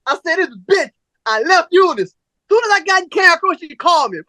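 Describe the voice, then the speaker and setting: Man, podcast host, bright tense tone, dry close sound, animated, profane storytelling. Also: very high voice, brisk, no echo. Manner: animated, profane storyteller, acts out both sides of conversations. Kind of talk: casual storytelling chat.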